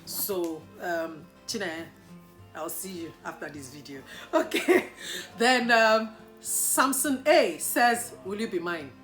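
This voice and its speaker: Nigerian woman vlogger, lively and teasing, bright tone, soft music bed. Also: on the low side, slow. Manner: animated, playful, mock-indignant outbursts. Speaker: YouTuber answering viewer questions. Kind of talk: casual Q&A vlog.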